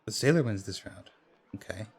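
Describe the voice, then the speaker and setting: A man playing a dice game in a video game, commenting casually and reacting loudly to close calls with laughs and swearing. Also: fairly low pitch, expressive, normal speed, slight background noise. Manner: reads in-game dialogue aloud in plain voice. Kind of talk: casual let's play commentary.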